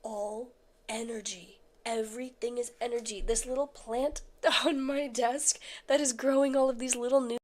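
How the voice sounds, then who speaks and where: A woman's voice: fairly high pitch, steady tone. A woman talking casually and thoughtfully, sometimes slipping into a whisper. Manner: musing, slow, dropping to a whisper at times. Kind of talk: casual talk in a video.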